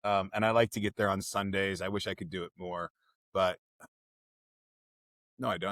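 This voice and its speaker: A man's voice: low-pitched, steady tone, moderate pace, long pauses, fairly bright tone, dry recording. A man hosting a podcast, speaking in an earnest, reflective way and laughing easily. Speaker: podcast host. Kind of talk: casual interview chat.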